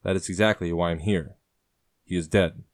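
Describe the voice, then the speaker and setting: A man voicing a young male colonial assassin, speaking calmly and with menace. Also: sits low, moderate pace, no echo, clean studio sound, natural voice. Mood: tense. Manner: calm and menacing in threats.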